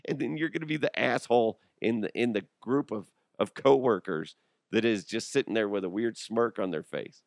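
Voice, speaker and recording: A man's voice: fairly low pitch, moderate pace, no room sound, clean studio sound. A middle-aged man hosting a radio show in a casual comedic chat, rambling and joking with frequent laughs.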